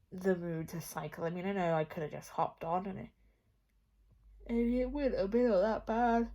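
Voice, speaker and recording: A woman's voice: mid-range voice, darkish tone. A young woman talks to her camera in a loose, rambling vlog. She is frank and swears freely. At moments her voice sinks to a near whisper. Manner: rambling and candid, often dropping to a near whisper; swears casually. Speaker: vlogger. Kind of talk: casual personal vlog.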